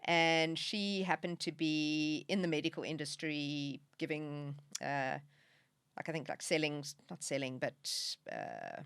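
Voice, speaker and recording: A woman's voice: low-pitched, big pitch swings, unhurried, a bit bright, clear, resonant tone, dry recording. A middle-aged woman, a podcast guest, speaking candidly in a conversational interview. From South Africa. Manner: candid, emotional at times, laughs through tears.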